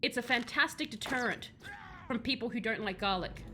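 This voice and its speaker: A woman's voice: a little high, expressive, a little fast, sharp tone, slight background noise. A young woman chatting and rambling to her stream chat while she plays a game, laughing at her own jokes. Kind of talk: casual live-stream chat while gaming. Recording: music playing behind.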